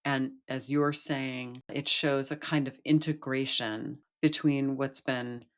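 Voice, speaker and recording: A woman's voice: very deep voice, level tone, takes it slowly. A middle-aged woman, a podcast guest, telling a fairy tale and reflecting on it thoughtfully, often restarting phrases. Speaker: guest, Jungian analyst and author. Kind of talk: podcast interview, storytelling.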